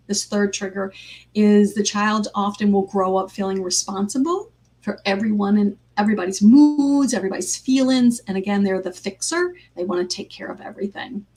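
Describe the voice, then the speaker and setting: A woman's voice: mid-range voice, darkish tone. A woman life coach giving a casual live talk, telling personal stories with frequent ums and 'right?' asides. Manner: conversational, lots of ums and 'right?' tags.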